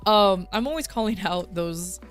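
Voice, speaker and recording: Woman streamer going off on a rant, swears a lot, trips over her words, mid pitch. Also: expressive, moderate pace, faint music behind. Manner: ranting, blunt, swears, frequent restarts. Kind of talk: casual livestream chat.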